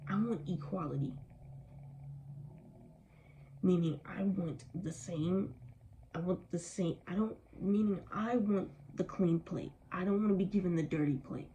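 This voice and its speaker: A woman's voice: on the low side, normal speed, mellow, highs cut off, a little hiss or hum. A young adult woman vlogging with anger and weariness, speaking emphatically with strong language. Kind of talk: impassioned personal vlog.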